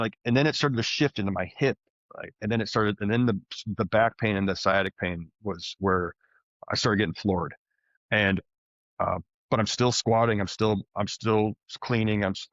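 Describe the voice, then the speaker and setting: A man telling his story as a podcast guest, animated and conversational, often restarting his sentences. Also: fairly low pitch, dry recording. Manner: animated, frequent restarts and fillers. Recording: dull, slightly muffled podcast audio.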